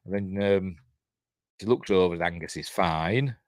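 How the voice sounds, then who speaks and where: A man with a Yorkshire accent and a deep, low voice gives a rambling film commentary. He talks casually, full of ums and side remarks. The recording is close and dry, with no room sound. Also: normal speed, dry recording. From Yorkshire, England. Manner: rambling, filler-heavy, chatty asides. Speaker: film review host.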